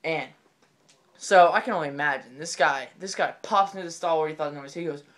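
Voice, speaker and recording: A man telling a comedic story in an excitable, rambling way, often repeating his phrases. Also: on the high side, a little fast.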